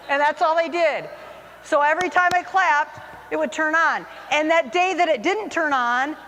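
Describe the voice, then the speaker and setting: A woman's voice: sits high, fairly bright tone. A woman in her forties, a teacher, telling a funny personal story to an audience with self-mocking humor. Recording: long hall reverb.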